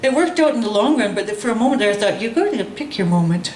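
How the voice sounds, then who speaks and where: A woman telling a personal story in a lively, animated way, acting out the voices of others with laughter. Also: on the high side, fairly quick, echoey room. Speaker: guest storyteller. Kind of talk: casual storytelling.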